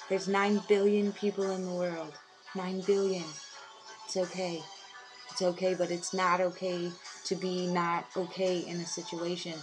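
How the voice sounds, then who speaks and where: Loud music plays behind a woman delivering an inspirational monologue as a self-styled healer, earnestly insisting on mantras she repeats again and again. Her lowish voice is flat and measured, and the recording is rough.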